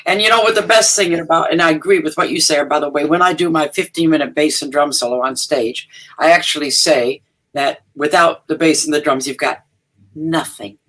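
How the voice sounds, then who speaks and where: A woman's voice: sits low, a little fast, fairly bright tone. An older woman, a guest musician, chatting in an interview over a video call in a chatty, emphatic way with laughs. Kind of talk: casual interview chat.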